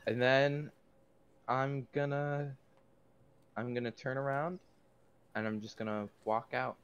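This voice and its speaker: A man playing a tabletop game who talks casually and excitably, with plenty of swearing. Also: medium pitch, slow pace, clear, resonant tone, highs cut off. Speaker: player.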